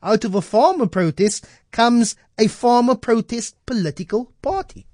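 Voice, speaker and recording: A South African man hosting a talk show, his voice sitting high for a man. He chats loosely, dotted with ums and restarts, in a dry, close studio sound. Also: moderate pace, no echo. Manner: relaxed, conversational, with frequent fillers. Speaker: radio host. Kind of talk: casual chat.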